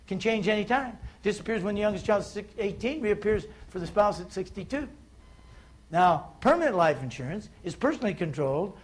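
A man's voice: high-pitched, breathy edge, low-quality recording. A man giving a folksy sales training talk, telling stories and building to emphatic points about insurance. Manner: folksy, storytelling, rising to emphatic. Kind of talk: seminar talk.

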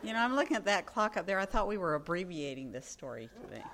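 Wry older woman with a lowish voice. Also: big pitch swings, fairly bright tone. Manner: brisk, wry and humorous. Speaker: speaker sharing a personal story. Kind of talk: storytelling talk.

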